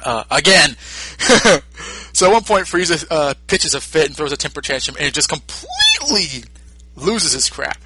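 A man's voice: a little high, moderate pace, a little hiss or hum. A man co-hosting a podcast, recapping a film in casual chat with lots of laughter. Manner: laughing, animated storytelling. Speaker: podcast co-host.

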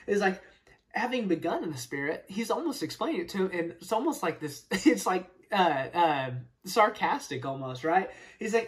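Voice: mid-range voice, sing-song, moderate pace. Laid-back voice teaching Bible study. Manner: casual, filler-heavy, keeps saying "right?" and "man"; explains verses with rhetorical questions.

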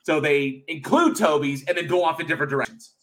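A man's voice: a little high, quick pace, noisy background. A man co-hosting a horror podcast, talking casually and animatedly, laughing often. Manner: animated, laughs a lot, mocks with put-on quotes. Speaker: podcast co-host. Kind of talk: casual chat.

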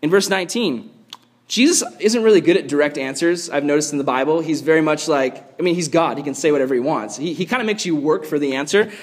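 Male youth pastor, high voice, animated and chatty, throws in "like" a lot. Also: quick pace, rough recording. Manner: animated, acts out quoted voices; conversational with fillers like "like". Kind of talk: youth sermon.

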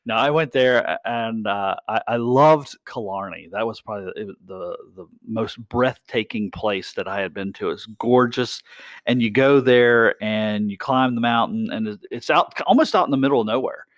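A man's voice: on the low side, normal speed, no echo. An American man co-hosting a casual chat podcast, often losing his train of thought and restarting. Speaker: podcast co-host.

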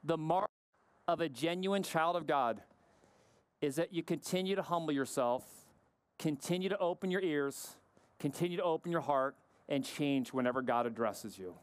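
A man with a high, crisp voice delivers a sermon in a dry, close-miked sound. He speaks emphatically, asks pointed questions, and sinks low and slow for weight. He sounds middle-aged. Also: no echo. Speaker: pastor.

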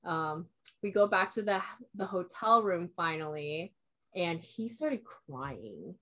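A young woman with a fairly low-pitched, fairly bright voice recounts a personal story in easygoing, unscripted chat. She takes it slowly but stays animated, rambling, leaning on "like," and acting out quoted lines from herself and others.

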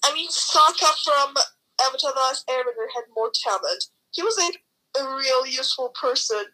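A woman's voice: sits high, lively intonation, moderate pace, pushed and bright, low-quality recording. A young woman chatting casually, ranting animatedly and swearing a lot. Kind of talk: casual chat.

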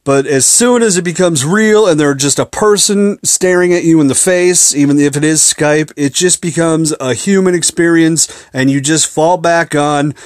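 With a voice on the high side, this young Minneapolis man hosts a podcast at a moderate pace with few pauses, in a dry, studio-quality recording. He rambles through a casual story, swearing and poking fun at himself.

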